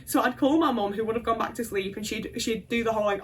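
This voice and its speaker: A woman's voice: a little high, fast talker, hardly any pauses, distant mic, slight background noise. A woman telling a candid personal story, blunt and sweary. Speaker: video creator.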